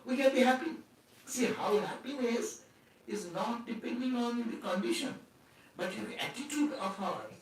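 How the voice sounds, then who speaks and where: A man's voice: very high voice, lively intonation, moderate pace. A man giving a spiritual talk as a swami, conversational, with laughs and rhetorical questions. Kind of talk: sermon. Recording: echoey hall from far off.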